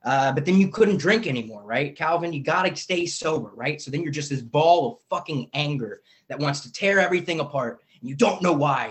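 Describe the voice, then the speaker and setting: A man's voice: on the high side, lively intonation, fast talker. A man candidly sharing his recovery story on a video call, rambling and self-mocking, swearing casually.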